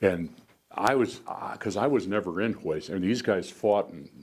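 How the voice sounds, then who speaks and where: A deep-voiced American man in his seventies, a veteran guest speaker, tells stories to an audience at a normal speed. His talk rambles, full of fillers and sentences he starts over, with faint background noise behind him.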